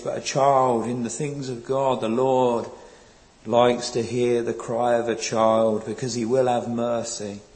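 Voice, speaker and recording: A man preaching a sermon in a slow, earnest, pleading way, quoting old scripture. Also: medium pitch, darkish tone, poor audio.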